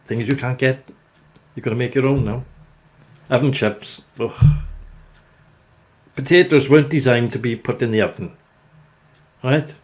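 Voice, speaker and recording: A man's voice: medium pitch, unhurried, long pauses, a little mellow. Rambling older Welsh man. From Wales. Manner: rambling, jokey storytelling. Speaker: host. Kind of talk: casual chat.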